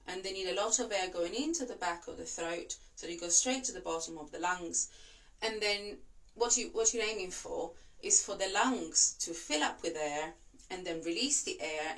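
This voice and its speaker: A woman, a voice and breathing coach whose first language is not English, giving calm, reassuring instructions and demonstrating slow breaths. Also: lowish voice, far from the mic. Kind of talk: instructional talk to camera.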